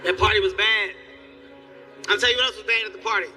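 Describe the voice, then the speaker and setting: A man doing stand-up comedy, telling a profane story in an animated, exasperated way. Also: sits high, quick pace. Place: live comedy venue. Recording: distant live stage recording with faint music.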